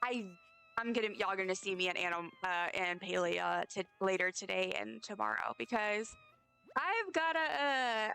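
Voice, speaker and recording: Over soft background music, a tired woman streaming a game chats and rambles, teasing herself along the way. Her mid-range voice is expressive and moves at a normal speed, with vocal fry and a sharp, clear, resonant tone.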